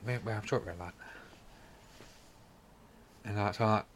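A man's voice: lowish voice, fairly quick, pauses often. A man co-hosting a casual podcast, telling a long rambling anecdote and bantering with his co-host. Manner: rambling storyteller, animated when joking. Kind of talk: casual chat.

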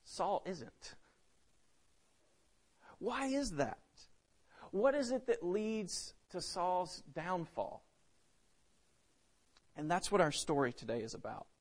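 Male preacher, high voice, dynamic delivery with big swings in volume. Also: expressive, slow pace, pauses often. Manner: dynamic, swings between loud emphasis and hushed drops. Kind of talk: sermon.

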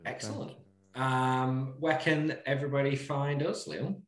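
A man's voice: medium pitch, level tone, unhurried. A man hosting a podcast who chats in an easygoing way and thanks his guest. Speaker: podcast host. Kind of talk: casual chat. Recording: roomy echo.

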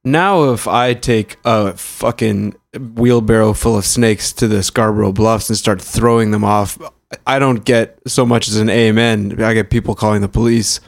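A man's voice: on the low side, fairly even intonation, moderate pace, gravelly. A man from Canada trading sardonic, profane jokes in improvised comedy banter.

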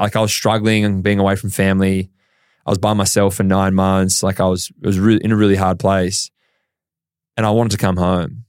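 A man's voice: low voice, quick pace, clean tone, dry recording, clean studio sound. An Australian man, a professional basketball player, telling his story as an interview guest and acting out the dialogue in it. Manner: animated storyteller who acts out quoted dialogue.

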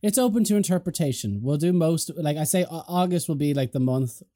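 Podcast host, casual banter, laughs a lot, swears, animated pitch, dry close sound. keep it loose. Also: fairly quick, dry recording. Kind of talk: casual chat. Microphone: headphones.

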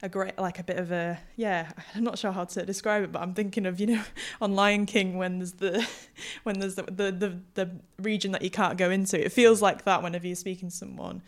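A young historical linguist with a Yorkshire accent tinged with Hull appears as a guest in a casual podcast interview. She thinks through her ideas aloud with many ums and restarts, speaking briskly with few pauses in a mid-range voice with a steady tone.

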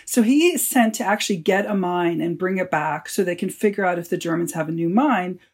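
Animated woman telling a wartime story. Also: on the low side, brisk, husky. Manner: animated storyteller, quotes people in her tale. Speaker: author and guest. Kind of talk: storytelling interview answer.

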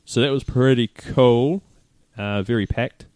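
A man co-hosting a podcast in casual chat, recounting his travels in an easygoing, relaxed way. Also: medium pitch, measured pace, smooth, no echo. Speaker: podcast co-host.

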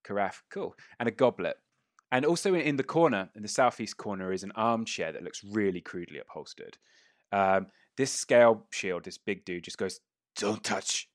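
A man's voice: fairly low pitch, expressive, normal speed, no room sound, clean studio sound. A man narrating a tabletop game as game master, casual and sweary, laughing often.

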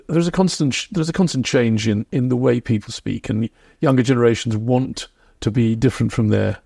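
A man being interviewed as a historian, explaining in a reflective, measured way. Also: fairly low pitch, gravelly, a little mellow, breathy edge, dry recording, studio quality. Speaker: historian guest. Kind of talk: podcast interview.

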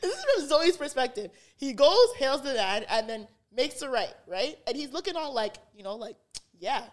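Brief: young woman, slightly high voice, lively podcast storyteller who keeps saying "like". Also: normal speed. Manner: animated, heavy use of "like", acts out quotes. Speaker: podcast guest. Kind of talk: casual storytelling chat.

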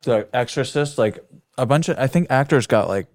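A man's voice: mid-range voice, animated, moderate pace, a little mellow, dry recording, clean studio sound. A man who is a guest comedian on a podcast, amused and laid-back in casual chat.

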